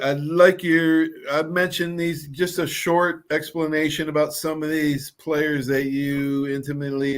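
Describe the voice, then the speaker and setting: A man hosting an interview asks his guest long questions, slightly higher-pitched than average. He stops and restarts often, padding with fillers as he goes. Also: fairly bright tone. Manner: hesitant, halting questions with fillers. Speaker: interview host.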